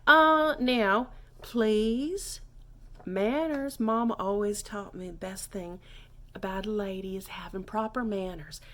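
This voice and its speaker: Comic monologue: woman as a genteel lady tutor, unhurried, over-enunciates every phrase, mid-pitched. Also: a bit bright. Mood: prim, instructive. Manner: genteel, folksy politeness. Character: prim, chatty lady teaching mangled French phrases.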